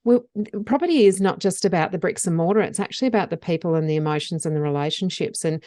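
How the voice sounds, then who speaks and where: Lower-voiced woman co-host, dry sound. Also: quick pace, warm tone, no echo. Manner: candid, laughs about her own past mistakes. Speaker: podcast co-host. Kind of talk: casual podcast chat.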